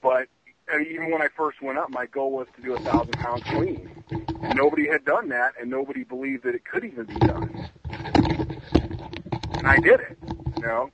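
A man speaking as a guest on a talk show, earnest and confident, with music clearly mixed under his voice. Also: mid-range voice, lively intonation, moderate pace, pauses often, heavy background noise. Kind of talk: interview chat.

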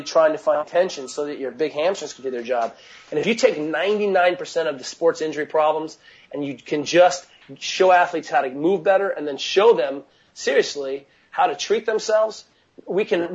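A man's voice: on the high side, highs cut off. A man coaching athletes, talking casually and energetically in an interview, with lots of "you know" fillers and restarts. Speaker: mobility coach.

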